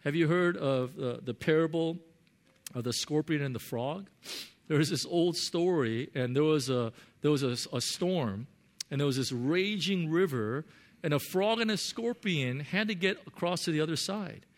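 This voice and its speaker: A man's voice: on the high side, moderate pace. A man preaching a sermon to his congregation, earnest, often repeating words as he searches for phrasing. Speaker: pastor.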